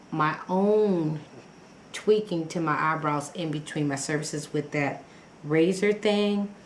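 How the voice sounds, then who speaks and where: A woman with a somewhat low voice chats through a personal story for her vlog. She rambles, restarts and fills pauses, and she acts out her own past reactions as quoted asides. The room is echoey, with a faint hum of noise behind her. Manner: rambling, chatty storytelling with many fillers and restarts. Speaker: vlogger.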